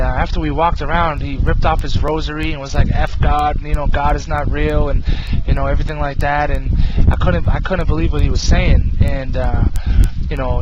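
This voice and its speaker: A young man from Boston with a Boston accent, giving an earnest, rambling personal religious testimony full of fillers and restarts. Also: fairly high pitch. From Boston, Massachusetts. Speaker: video ministry host. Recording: dull lo-fi with loud background noise.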